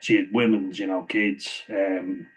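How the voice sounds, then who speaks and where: Low, flat-voiced man. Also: measured pace, rough recording. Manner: rambling, with frequent chuckles and "you know" fillers. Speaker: vlogger. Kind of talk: casual storytelling.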